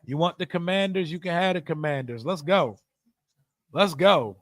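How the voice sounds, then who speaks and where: A young man hosting a live sports watch party stream, reacting excitedly and answering chat with big swings between shouting and mumbling. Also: on the high side, moderate pace, dry recording.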